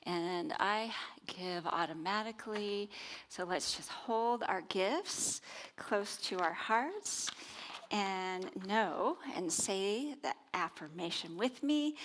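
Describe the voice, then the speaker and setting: A woman minister leading a church service, chatty and quick to laugh as she guides prayers and the offering. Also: mid-range voice, animated, fairly bright tone. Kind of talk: church service talk and affirmation.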